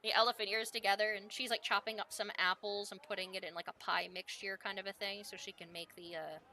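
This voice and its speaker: A woman's voice: medium pitch, little pitch movement, fast talker, bright, forceful tone, slight background noise. A woman narrating as game master, rambling and full of fillers as she describes the scene.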